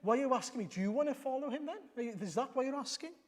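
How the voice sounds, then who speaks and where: Man reading as a bold healed blind man, a little high, emphatic, church reverb. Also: expressive, moderate pace, a little mellow. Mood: exasperated. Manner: emphatic, challenging. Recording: long reverb of a church hall.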